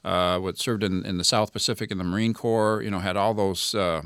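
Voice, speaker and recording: Earnest low-voiced male host. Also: fairly even intonation, a bit bright, smooth, dry recording, clean studio sound. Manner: earnest, halting with restarts. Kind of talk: community radio interview.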